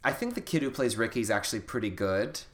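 Man, podcast co-host, lower voice, emphatic, blunt, casual swearing. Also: lively intonation, quick pace. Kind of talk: casual chat, book review.

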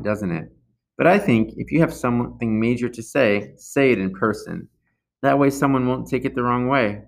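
A man's voice: medium pitch, creaky. A man reading a self-help book aloud in an earnest, amateur audiobook style, with some slips and restarts. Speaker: audiobook reader.

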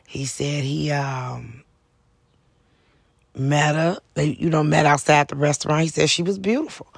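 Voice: mid-range voice, measured pace, vocal fry, breathy edge, dry recording, clean studio sound. A podcast host telling a story in a casual monologue, swearing freely and acting out the quotes. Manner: profane, animated, lots of acted quotes.

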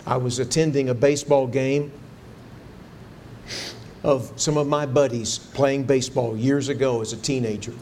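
A man's voice: medium pitch, steady tone, moderate pace, pauses often, dark tone, a little hiss or hum. A man preaching a sermon, telling a personal story in an earnest way and rising to fervent pleading when he quotes his prayers. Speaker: pastor.

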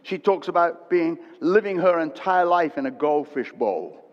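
An older man preaching a sermon, telling a story animatedly and swinging from loud to hushed. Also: on the high side, expressive, a little slow. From England. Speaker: pastor. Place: church hall. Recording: dull echoey church hall recording.

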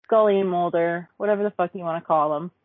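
A woman's voice: fairly low pitch, fairly even intonation, fast talker, no echo. Swearing rambly woman, forgets names, dry tinny phone-ish sound. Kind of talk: casual chat reviewing a cartoon episode.

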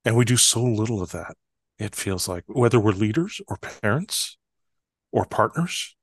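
A man, a guest on a podcast, speaking in a calm, measured way about building trust. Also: fairly low pitch, breathy edge, no echo. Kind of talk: reflective conversation.

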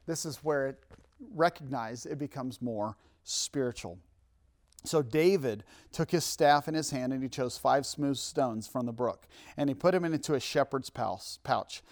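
A man preaching a sermon and reading scripture aloud, with casual asides and self-corrections, building to loud, emphatic peaks. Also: medium pitch, unhurried.

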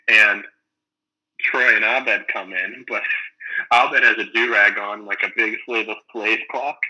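A man chatting casually, rambling and animated as he retells funny scenes, full of "like" and "um". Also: lowish voice, takes it slowly, low-quality recording. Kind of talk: casual chat about a sitcom.

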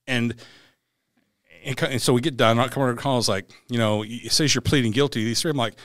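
Speaking fast in a medium pitch, this ex-Navy SEAL recounts war and court stories with blunt, animated candor during a podcast conversation. He voices the other characters' quoted lines himself, and the studio sound is clean with no echo.

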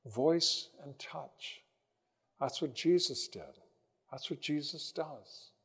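A man preaching a sermon as a pastor, telling a personal story in a slow, reflective way with pauses, then leading a prayer. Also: on the high side, expressive, breathy edge, in a large hall.

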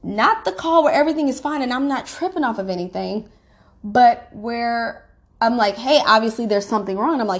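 A woman's voice: a little high, animated, fairly quick. A woman telling a personal story in a rambling, casual way, with many fillers and restarts and emphatic, indignant complaints.

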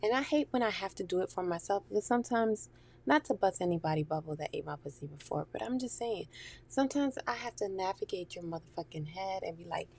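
A woman's voice: mid-range voice, lively intonation, fast, gravelly, a little mellow, slightly rough. A woman talking candidly and profanely in a casual chat, laughing often and dropping into whispery asides.

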